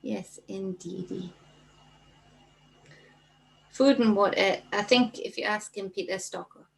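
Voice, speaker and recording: A woman hosting a casual livestream, chatting warmly and reading viewer comments aloud. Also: mid-range voice, slow, gravelly, rough recording. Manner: chatty, reads viewer comments aloud and thanks them by name. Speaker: livestream host.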